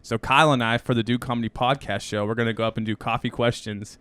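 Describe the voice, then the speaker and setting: A man co-hosting a comedy podcast, laid-back and quick to laugh along in casual chat. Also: medium pitch, steady tone, fairly bright tone, clear, resonant tone. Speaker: podcast co-host.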